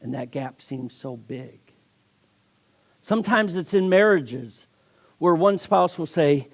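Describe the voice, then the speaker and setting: Male guest preacher, gravelly, a bit high, emphatic storyteller, sermon delivery. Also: expressive, slow pace, long pauses. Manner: storytelling with acted voices, emphatic.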